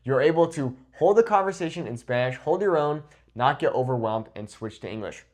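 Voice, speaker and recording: A man who teaches Spanish, talking to camera in a lively, informal way, often checking in with "okay?" and "right?". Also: mid-range voice, fairly quick.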